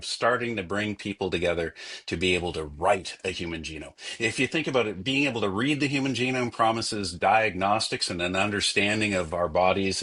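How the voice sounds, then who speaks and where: Deep-voiced Canadian man, thoughtful. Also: a bit bright. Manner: thoughtful, frequent fillers and restarts. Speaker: guest. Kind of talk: conversational interview.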